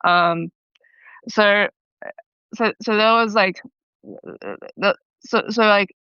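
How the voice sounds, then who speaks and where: A young woman calling into an advice show, recounting a fight with many halting restarts. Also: medium pitch, bright, forceful tone, smooth, no room sound. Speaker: caller. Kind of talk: call-in advice conversation. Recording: muffled phone-line caller audio.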